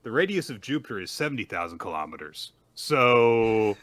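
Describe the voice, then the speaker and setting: Young man, lively pitch, bright voice, casual podcast chat, nitpicky asides. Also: normal speed, no echo. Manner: nitpicky, dry jokey asides. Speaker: podcast co-host. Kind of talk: casual manga recap chat.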